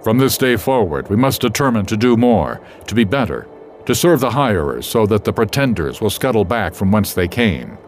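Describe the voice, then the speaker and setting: A man voicing a calm, wise male wolf who leads the pack, speaking quietly and firmly. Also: on the low side, moderate pace, a little hiss or hum, pitched above the performer's own voice. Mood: solemn. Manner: quiet, firm, solemn.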